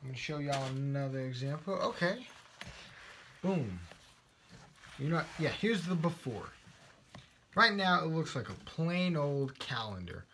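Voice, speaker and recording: A man's voice: fairly high pitch, very animated, unhurried, pauses often, bright, forceful tone, a little hiss or hum. A man with a Texan accent, guest-presenting a live craft show in a playful, silly way, joking as he reads viewer comments.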